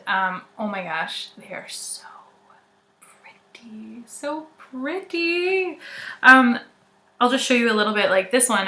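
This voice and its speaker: A young woman hosts a knitting podcast in a chatty, meandering way, full of ums and little giggles. Her voice is bright and forward. It rings in an echoey room. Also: mid-range voice. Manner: chatty and rambling, many ums, giggles often. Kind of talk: casual chat to viewers.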